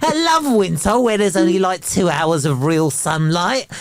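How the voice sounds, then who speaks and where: A man's voice: high voice, normal speed. A man co-hosting a comedy podcast, ranting sarcastically with a congested, runny-nose voice. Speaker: podcast co-host.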